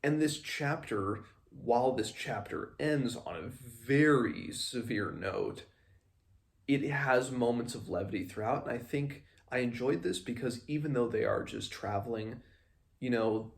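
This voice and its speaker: Gravelly man chatting about a novel. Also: mid-range voice. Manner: rambling, with fillers, self-corrections and laughs. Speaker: podcast host. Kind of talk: casual book discussion.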